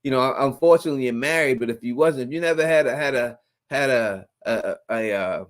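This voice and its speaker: A man's voice: medium pitch, fairly quick, hardly any pauses. A man hosting a live call-in stream, talking bluntly and casually with slang. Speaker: host.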